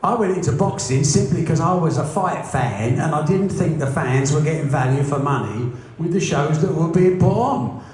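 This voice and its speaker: A man's voice: fairly high pitch, normal speed, a little mellow. A man, a boxing promoter, telling blunt, humorous stories in an interview. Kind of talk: anecdotal interview storytelling. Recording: echoey room.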